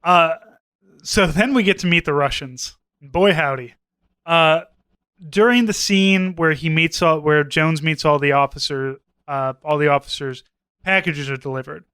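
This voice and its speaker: A man's voice: a little high, measured pace, bright, forceful tone, clean tone, no room sound. A man co-hosting a podcast, casually rambling through a story, full of fillers, quoting characters and swearing. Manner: rambling, retells scenes with quoted voices, swears. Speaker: podcast co-host. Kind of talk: casual chat.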